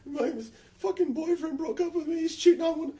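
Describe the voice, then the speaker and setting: A man doing a crying young woman in falsetto. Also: fairly even intonation, brisk, dark tone, distant mic. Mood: upset. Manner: high, tearful falsetto. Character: crying young woman, upset college girlfriend.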